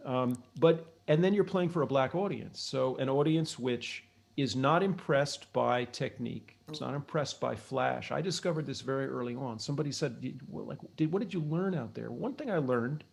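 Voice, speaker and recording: A middle-aged American blues harmonica player and author, interviewed as a guest, tells long reflective stories in casual style, frequently restarting. His creaky mid-range voice runs at normal speed with few pauses.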